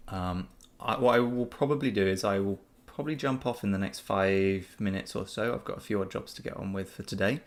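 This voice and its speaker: A man's voice: on the low side, a little fast, few pauses. A man hosting a casual live Q&A, talking in an easygoing, upbeat way that rambles with fillers and restarts. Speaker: channel host answering viewer questions.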